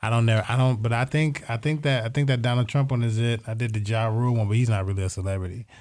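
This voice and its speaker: A man's voice: medium pitch, steady tone, fast talker, darkish tone. A man co-hosting a podcast in casual banter, rambling in a laid-back way. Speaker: podcast co-host.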